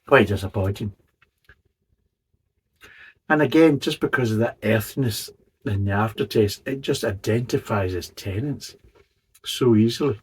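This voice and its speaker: A man's voice: fairly low pitch, a little slow, pauses often, a little mellow, breathy edge. A man, hosting a casual beer review and talking bluntly, swearing and rambling as he goes.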